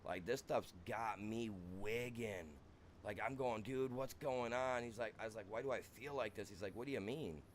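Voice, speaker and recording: Low-voiced guy rambling through a wild story. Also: normal speed, slight background noise. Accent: American. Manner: rambling, animated, says "dude" constantly. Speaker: streamer. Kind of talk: casual storytelling on a game stream.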